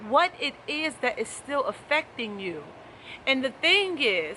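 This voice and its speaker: A woman's voice: high-pitched, sharp tone, slight background noise. A woman life coach giving an emphatic, preachy motivational talk to camera, repeating her key phrases.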